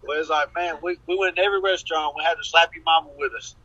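Husky man telling rambling stories. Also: on the high side, fairly even intonation, fast talker, pushed and bright, muffled recording. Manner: rambling anecdotes with acted-out quotes. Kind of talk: casual chat, storytelling.

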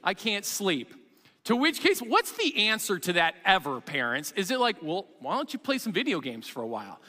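A middle-aged man preaches from the pulpit, his voice high and bright. He tells stories with energy and plays out both the parent and the child. A long reverb trails his words through the sanctuary. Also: a little fast. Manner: animated storytelling, acts out parent and child. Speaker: pastor. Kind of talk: sermon.

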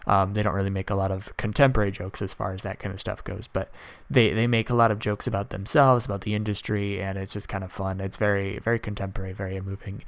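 A young man in his early twenties talks alone on a podcast, opinionated and loose, often restarting his sentences. His voice is low and gravelly with vocal fry, and the sound is dry and close, with no room around it. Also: flat delivery, fast talker, few pauses, no room sound. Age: early 20s. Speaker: podcast host. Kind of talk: casual opinion monologue.

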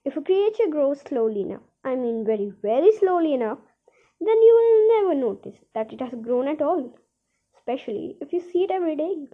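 A woman reading a children's story aloud in an expressive, sing-song storytelling manner, on a dull lo-fi recording. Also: high-pitched, fairly quick.

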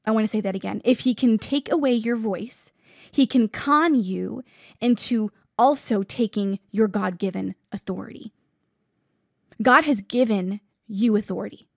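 A woman's voice: on the high side, a little mellow, no room sound, studio quality. A young woman giving an earnest devotional message, telling a story and making emphatic declarations. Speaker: Christian teacher.

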